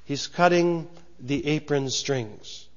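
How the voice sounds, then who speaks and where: Male pastor, conversational sermon, higher-pitched, stumbling restarts, muffled lo-fi recording. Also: slow. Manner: conversational, frequent repeated words and restarts.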